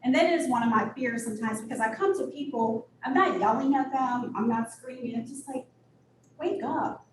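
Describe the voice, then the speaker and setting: Guest speaker, woman, candid storyteller, higher voice, roomy and distant with background noise. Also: brisk, hardly any pauses. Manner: candid, storytelling, laughs often. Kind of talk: personal story told to a meeting. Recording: echoey room from far off with noise.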